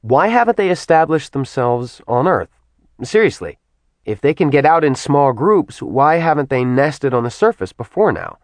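A man's voice: a little high, very animated, normal speed, no echo, voice pushed up. A man voicing a determined young woman who briefs her team. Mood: brisk.

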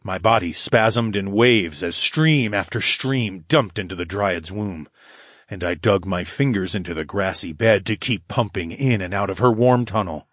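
A man narrating a fantasy audiobook in the first person, with a steady, low growling delivery. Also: unhurried, no echo, studio quality.

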